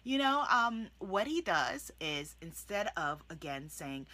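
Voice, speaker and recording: A woman's voice: on the low side, slow. A woman life coach giving an enthusiastic motivational talk to camera, acting out her affirmations as she goes. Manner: enthusiastic, animated, shifts into soft demonstrative affirmations. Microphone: video recording for online channel.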